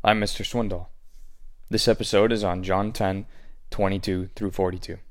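A man's voice: low voice, flat delivery, normal speed. Man, bible teacher, scripted podcast teaching, reflective, rhetorical questions.

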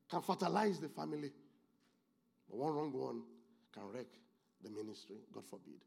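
A man preaching a sermon as pastor, moving from low, quiet asides to loud, excited exclamations. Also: moderate pace, creaky, long pauses, husky.

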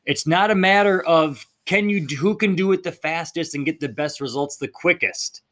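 A man's voice: a little high, normal speed, fairly bright tone. A man hosting a fitness podcast in a blunt, fired-up monologue, swearing casually as he talks.

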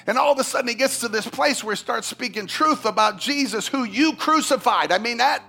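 High, gravelly fervent male preacher. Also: fairly quick, soft background music. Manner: fervent preaching, bursts of emphasis then quiet asides. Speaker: pastor. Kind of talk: sermon.

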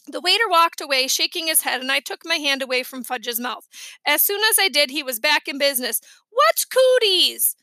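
A woman narrating a children's book aloud in a lively, expressive way. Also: sits high, dry recording. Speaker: audiobook reader.

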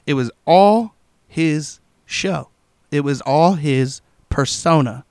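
Young male co-host, gravelly, a bit high-pitched, swears a lot, acts out every quote. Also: takes it slowly, no room sound, clean studio sound. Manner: profane, animated storytelling with acted-out quotes. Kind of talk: casual chat.

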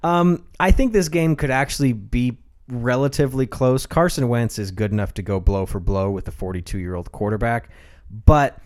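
A man's voice: mid-range voice, moderate pace, darkish tone. Teasing man co-hosting a sports podcast. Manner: teasing, chatty, laughs often. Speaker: podcast co-host. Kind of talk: casual sports chat.

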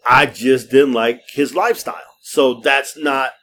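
A man's voice: medium pitch, measured pace, slight background noise. A middle-aged man hosting a podcast, telling rambling stories in casual, profane chat. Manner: profane, lively storytelling. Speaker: podcast host. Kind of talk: casual storytelling.

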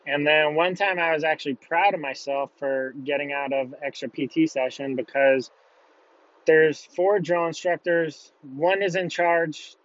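A man's voice: on the high side, fairly bright tone, no echo. Profane young man telling a story. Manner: blunt, heavy swearing. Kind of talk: casual storytelling. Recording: dull, lo-fi, dry.

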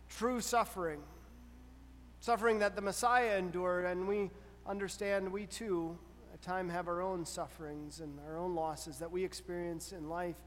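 A man preaching a sermon in an earnest, measured way, often pausing to ask rhetorical questions. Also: high-pitched, in a large hall. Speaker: pastor.

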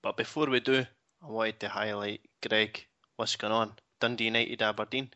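A Scottish man with a fairly low, bright, forceful voice hosts a casual podcast chat. He moves things along briskly and plainly. The sound is dull and lo-fi. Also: steady tone. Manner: leads the segment in a brisk, matter-of-fact way. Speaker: podcast host.

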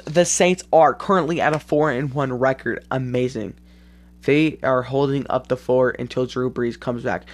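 A man's voice: medium pitch, vocal fry. A man hosting a solo sports podcast, talking in a loose, rambling way with lots of ums, sounding tired. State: tired, yawning. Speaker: podcast host.

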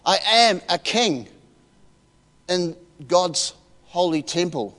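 A man's voice: high-pitched, takes it slowly. A man, giving a heartfelt, emotional personal testimony as a preacher in a church. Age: 60s. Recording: reverberant church hall.

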